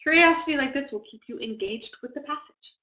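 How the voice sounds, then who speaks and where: A woman tutor giving a relaxed classroom lecture for test prep, often checking in with "okay?" and "right?". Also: high voice, fairly quick, lo-fi sound.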